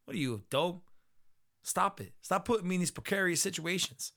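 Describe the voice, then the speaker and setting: A man's voice: sits high, lively intonation, normal speed, a bit bright, voice pushed up. A man voicing an exasperated woman scientist who scolds crudely, barely changing his own voice. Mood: scolding.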